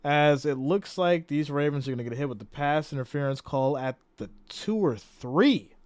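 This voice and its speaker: A man's voice: fairly high pitch, lively intonation, normal speed, darkish tone, no room sound. A man giving casual play-by-play on a live stream, reading and greeting viewer comments as he goes. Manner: chatty, reads out viewer comments and greets them.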